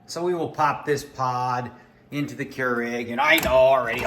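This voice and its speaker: A man's voice: medium pitch, fairly even intonation, moderate pace, fairly bright tone. A man chatting casually to camera in a home vlog, joking as he goes, with a little wind and noise behind him. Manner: chatty, joking, talks to his dogs. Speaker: vlogger, poker player. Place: home, backyard and indoors.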